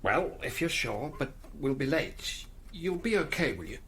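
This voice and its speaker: An actor playing a middle-aged father, soft, coaxing, lively pitch, faint noise. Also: moderate pace. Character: gentle worried father. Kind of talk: audio drama acting.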